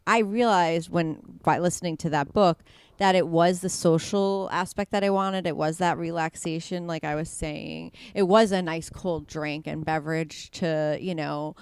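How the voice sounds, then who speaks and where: A woman's voice: deep voice, steady tone, moderate pace, a little mellow, clean tone. A woman guest on a podcast in casual chat, emphatic and earnest, stacking up repeated phrases.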